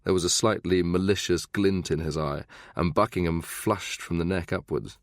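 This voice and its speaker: A man narrates a thriller audiobook with a steady, measured reading. His voice is very low with a gravelly fry. The recording is close and dry, with no room sound. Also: dry recording. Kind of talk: scripted narration.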